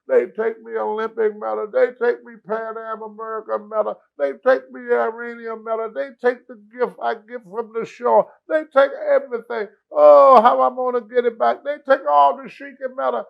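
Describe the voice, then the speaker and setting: A man's voice: very high voice, level tone, moderate pace, creaky, hardly any pauses, lo-fi sound, pitched above the performer's own voice, exaggerated voice. A man imitating a distraught older wrestler who wails in broken English. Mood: wailing. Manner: wailing, repetitive lament.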